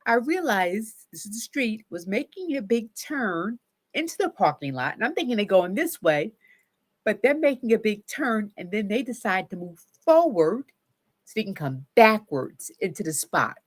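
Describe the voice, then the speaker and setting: A woman therapist telling a personal story in a casual, animated way, acting out her own shouts and self-talk. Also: medium pitch, moderate pace.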